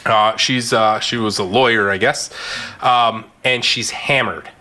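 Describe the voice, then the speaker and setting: Bright, animated man telling a story. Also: lowish voice, measured pace. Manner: animated storyteller, laughs often, many fillers. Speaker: physician podcast co-host. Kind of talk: casual storytelling chat.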